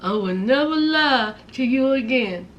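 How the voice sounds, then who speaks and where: A woman voicing a man who drawls slowly in a low voice, promising he has everything under control. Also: animated, a bit bright, dull audio, heavily acted. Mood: reassuring. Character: drawling man promising he won't lie again.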